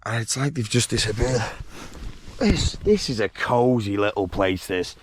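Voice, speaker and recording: A young man, chatting excitedly to camera on a travel vlog, slangy and laughing often. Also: on the low side, unhurried, a little hiss or hum. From England. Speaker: travel vlogger. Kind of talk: casual vlog chat to camera. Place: glamping site outdoors.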